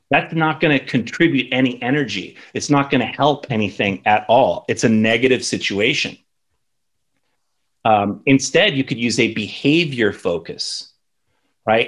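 Guy in his 30s teaching a lesson, chatty, keeps saying right?, normal pitch. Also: unhurried, a bit bright. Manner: conversational, tags sentences with "right?". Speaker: instructor.

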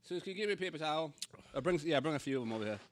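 A man's voice: fairly high pitch, animated, very fast. A man co-hosting a casual talk show, blunt and profane, groaning through extreme spicy heat with a numb tongue. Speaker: podcast co-host. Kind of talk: casual chat during a hot chip challenge.

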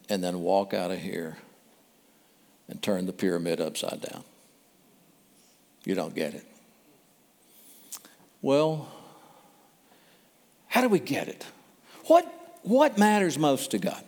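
Animated male preacher in an echoing hall. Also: on the low side. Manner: vivid storytelling, repeats for emphasis. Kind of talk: sermon. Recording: long hall reverb.

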